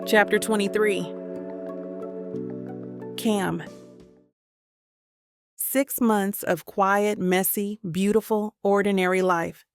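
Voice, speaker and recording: A woman reading a first-person romance audiobook in a measured, even way. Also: mid-range voice, music in the background. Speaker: audiobook narrator.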